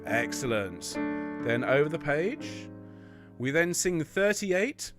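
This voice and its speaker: A man's voice: on the high side, very animated, takes it slowly. A man leading an online choir rehearsal, explaining bars, counting in, and singing the lines with encouragement. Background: piano.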